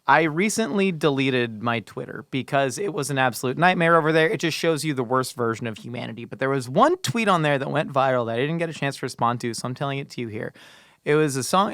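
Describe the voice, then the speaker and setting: A man in his thirties co-hosting a podcast, chatting casually and ranting his opinions in an animated, rambling way. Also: medium pitch, clean tone, no room sound, studio quality. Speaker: podcast co-host. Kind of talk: casual chat.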